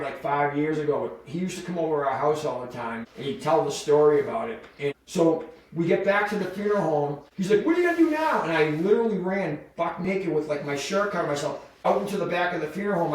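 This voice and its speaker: Animated man telling a story in an echoey room. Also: a little high, fast, few pauses. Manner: animated, full of "like" fillers and voiced quotes. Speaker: podcast guest. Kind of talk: casual storytelling. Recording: echoey room, far from the mic.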